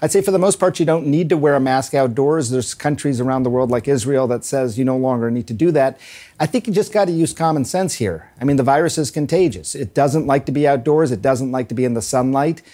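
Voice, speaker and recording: A man answering in a broadcast interview, calm and explanatory. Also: mid-range voice. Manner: measured, explanatory. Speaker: interviewed expert.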